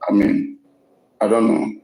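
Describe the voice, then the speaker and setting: A man's voice: measured pace, dark tone, reverberant, poor audio. A man with a Nigerian accent hosting a casual live-stream gossip talk, emphatic and often repeating his words.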